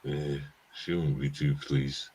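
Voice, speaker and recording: A man's voice: a bass voice, fairly even intonation, slow, a little mellow, slightly rough. A British man chatting casually on a livestream, teasing and laughing often. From United Kingdom. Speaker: host's husband, co-host.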